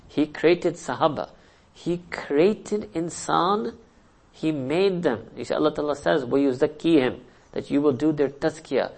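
Guy preaching w a gravelly voice, tells a story, keeps asking the crowd questions, chuckles a lot. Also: a little high, a little mellow, poor audio. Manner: asks the audience rhetorical questions; chuckles often while speaking. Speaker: Islamic teacher. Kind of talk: sermon with storytelling.

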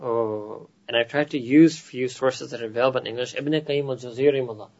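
A man with an American accent giving an animated religious lecture to a gathering, often asking "right?" and dropping in Urdu phrases. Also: medium pitch, quick pace, dull audio. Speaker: Islamic teacher.

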